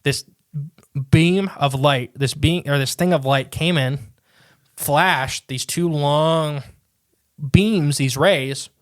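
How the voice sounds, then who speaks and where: A man co-hosting a casual podcast, chatting in a rambling way and reading quotes aloud haltingly. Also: a little high, no echo, studio quality. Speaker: podcast co-host.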